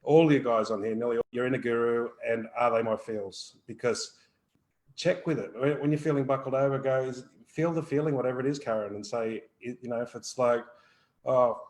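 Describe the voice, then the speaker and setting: Fast-talking blunt man on a live Q&A. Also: mid-range voice, rough recording. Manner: blunt, swears freely, fast and animated. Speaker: energy healer co-host. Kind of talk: live Q&A chat.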